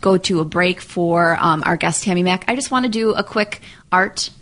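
A woman's voice: fairly low pitch, moderate pace, fairly bright tone. A woman co-hosting a podcast in a studio, teasing and wisecracking in casual chat. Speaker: podcast co-host.

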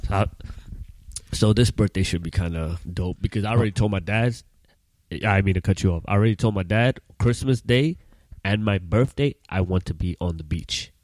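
A man's voice: low voice, normal speed, darkish tone, dry recording. A man in his thirties from Trinidad, hosting a podcast and telling profane stories in casual chat, laughing often. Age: 30s. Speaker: podcast host.

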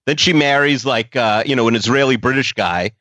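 A man's voice: mid-range voice, fairly quick, pushed and bright, no room sound. A man chatting casually on a podcast, opinionated and emphatic. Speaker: podcast co-host. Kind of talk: casual chat.

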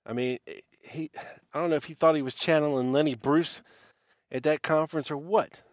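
A man's voice: on the high side, fairly even intonation, moderate pace, no echo. A man hosting a podcast, delivering a blunt, scornful rant full of profanity. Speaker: podcast host. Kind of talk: ranting monologue.

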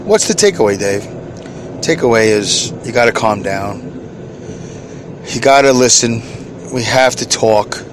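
Inside his vehicle, a middle-aged man hosts a solo podcast, rambling, chuckling at himself and answering his own questions. His medium-pitched voice is animated but measured, with frequent pauses over a noisy background.

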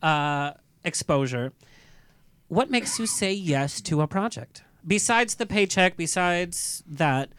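A man's voice: fairly high pitch, lively intonation, slow, a bit bright, clean tone, dry recording. A man hosting a live panel chat, sassy and quippy as he steers the questions. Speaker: host. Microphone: studio mic.

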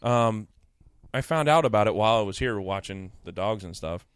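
A man's voice: fairly low pitch, normal speed, smooth, no room sound. A man co-hosting a casual podcast, a little tipsy from drinks and telling stories at his own expense. His voice swings widely up and down as he jokes. The sound is dry and close to the mic. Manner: joking, self-deprecating, animated storyteller. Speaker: podcast co-host. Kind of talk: casual chat.

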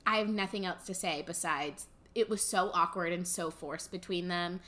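A woman's voice: fairly low pitch, moderate pace, a bit bright. A young woman co-hosting a casual chat, blunt and emphatic in her opinions. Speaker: co-host.

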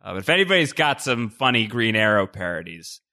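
A man's voice: on the low side, sing-song, brisk, pushed and bright. A man co-hosting a podcast, chatting casually with frequent laughter and hesitant fillers. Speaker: podcast co-host.

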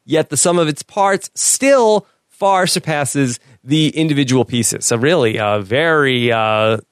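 A man co-hosting a podcast, reading listener emails aloud in a casual, halting way with many "uh" fillers. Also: fairly high pitch, smooth, no echo, clean studio sound. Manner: reads letters aloud, halting with frequent "uh" fillers.

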